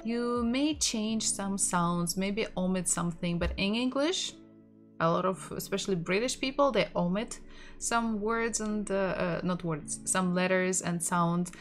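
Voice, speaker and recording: Unhurried Russian-accented woman teacher. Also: mid-range voice, soft background music. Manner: unhurried, repeats words aloud, light laughs. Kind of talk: casual online language lesson.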